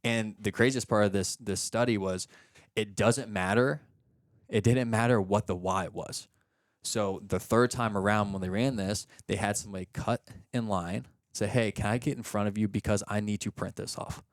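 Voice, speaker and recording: A man's voice: fairly low pitch, moderate pace, dry recording, studio quality. A man who is a father of young children, coaching a client and explaining each step patiently on a podcast. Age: young adult or middle-aged, a father of young kids. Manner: explaining in a steady teaching way, often acting out example questions. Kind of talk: coaching session chat.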